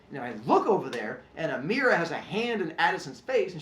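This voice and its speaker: A man teaching and explaining classroom rules in an animated, joking way, acting out his students. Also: a little high, fast, hardly any pauses, reverberant, background noise. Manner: animated, jokey, acts out students.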